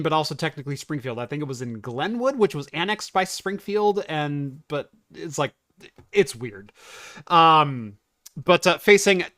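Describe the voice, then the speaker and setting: A man's voice: on the high side, bright, forceful tone, dry recording, studio quality. A man from Oregon hosting a podcast, chatting casually and joking with frequent laughs. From Oregon, USA. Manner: joking, rambling, laughs often. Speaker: podcast host.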